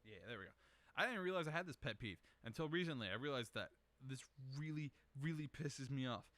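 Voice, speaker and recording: A man's voice: mid-range voice, expressive, a little fast, a bit bright. A young man hosting a casual solo show, rambling through questions in a profane, self-mocking way. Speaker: podcast host answering questions.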